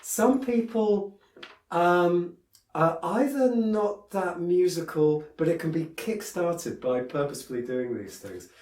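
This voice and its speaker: A man's voice: sits high, animated, slow pace, a little mellow. Chatty man teaching piano. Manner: chatty, digressive, many fillers and restarts. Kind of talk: piano tutorial. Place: room with a piano. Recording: roomy, a bit far from the mic, piano in the room. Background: piano playing.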